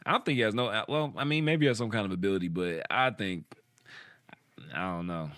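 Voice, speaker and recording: A man hosting a podcast in casual, animated chat, often restarting his sentences. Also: on the low side, fairly quick, no room sound, clean studio sound. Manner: animated, talks through restarts and laughs. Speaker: podcast host.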